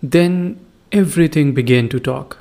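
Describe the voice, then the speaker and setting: A man voicing a frightened farmer who rushes through his tale, breathless and hurried. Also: on the high side, mellow, close to an everyday voice. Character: frightened male farmer, adult.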